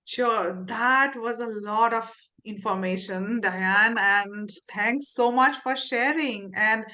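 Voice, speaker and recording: A woman's voice: on the high side, takes it slowly, sharp tone. A woman hosting an online chat who thanks her guest politely before asking a question. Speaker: interviewer and event host.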